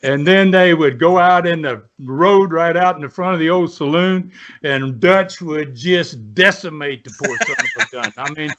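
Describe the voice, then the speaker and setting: A man in his 70s who used to wrestle tells salty, meandering stories for an interview in a folksy way. His voice is on the high side and fairly bright, with huge swings in pitch and a moderate pace. The dull lo-fi recording carries a little hiss or hum.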